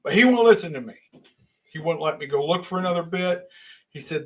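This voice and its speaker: A middle-aged man telling a long casual story, animated, with sudden loud bursts and hushed asides. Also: on the high side, fairly quick.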